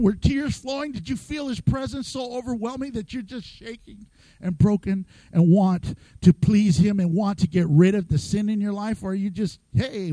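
A middle-aged man preaching a lively, joking sermon as pastor, acting out quoted voices. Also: high-pitched, dry recording, low-quality recording.

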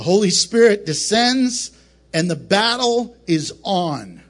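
A man preaching a casual, joking Bible lesson to a camera, animated and prone to breaking off mid-sentence. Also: sits high, slow pace. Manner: animated, joking, self-interrupting. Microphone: camera mic up close.

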